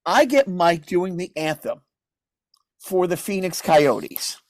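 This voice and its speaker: A man's voice: high voice, slow, no echo. Rambling male podcast host, dry sound. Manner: rambling storyteller, many restarts; animated, acts out others' lines. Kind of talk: casual chat.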